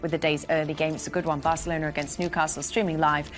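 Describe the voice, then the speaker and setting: Woman hosting a soccer show, upbeat and quick, faint music under her. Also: low-pitched, flat delivery. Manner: brisk, upbeat presenter delivery. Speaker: host. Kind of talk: studio sports show presenting.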